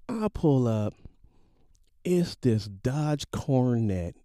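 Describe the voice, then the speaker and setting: Brief: forties male storyteller, low-ish warm voice, dry close sound, animated and slangy. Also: takes it slowly, no room sound. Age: 40s. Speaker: podcast storyteller. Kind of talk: casual storytelling monologue.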